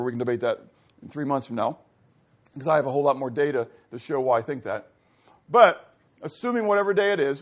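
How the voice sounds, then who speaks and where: A man preaching a sermon, teaching animatedly and putting questions to his listeners. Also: fairly high pitch. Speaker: pastor.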